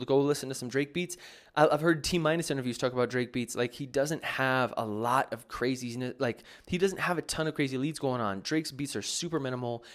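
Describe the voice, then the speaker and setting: A man, a music producer, talking casually and answering viewer questions, rambling with many fillers and restarts. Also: mid-range voice. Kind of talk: casual advice talk.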